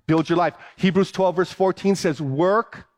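A man's voice: sits high, steady tone, unhurried. A man preaching a sermon, emphatic and repeating phrases to drive points home. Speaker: pastor.

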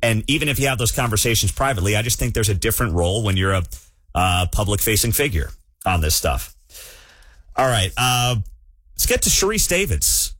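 Brief: male talk radio host, sarcastic riffing, swooping lively delivery, dry studio mic. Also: lowish voice, fairly quick, no echo. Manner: sarcastic, animated, mocking. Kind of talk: opinionated talk radio commentary. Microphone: studio microphone.

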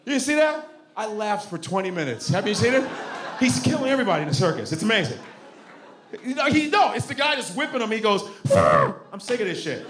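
Profane, shouting stand-up comedian man. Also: sits high, quick pace, background noise. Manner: profane, animated, bursts into shouting.

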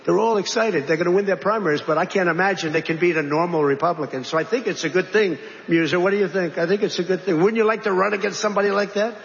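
Male politician, high voice, digressive and repetitive delivery, long hall echo, dull lo-fi sound. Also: fast talker, gravelly, hardly any pauses, a bit bright, a little hiss or hum. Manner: digressive, repetitive, conversational asides. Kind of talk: rambling political speech.

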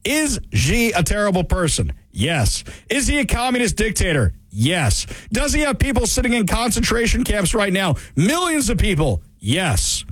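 A man's voice: high-pitched, huge pitch swings, moderate pace, few pauses, a bit bright, breathy edge, no room sound. A man hosting a political commentary show, delivering an emphatic opinion monologue full of rhetorical questions. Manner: emphatic, rhetorical questions, mocking quoted voices.

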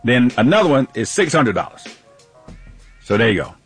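A man's voice: mid-range voice, sing-song, moderate pace, breathy edge, soft background music. A man co-hosting a radio show, telling a casual story with lots of laughs.

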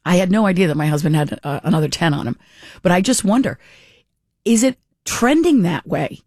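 Chatty middle-aged woman, low voice. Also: animated, fairly quick, darkish tone, no room sound, clean studio sound. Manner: chatty and rambling, with frequent restarts and self-corrections. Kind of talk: casual storytelling monologue.

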